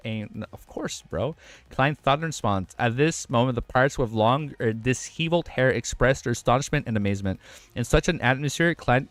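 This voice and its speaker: A young man streaming, reading a web novel aloud and breaking off to react in excitable, slangy, profane bursts. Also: mid-range voice, fairly quick, no room sound.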